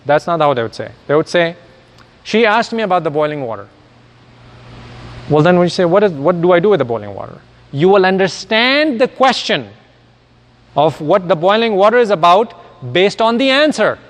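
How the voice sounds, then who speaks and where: A man's voice: high voice, very animated, moderate pace, big-room sound. A man, a native Urdu speaker, giving a recorded lecture and explaining step by step with rhetorical questions.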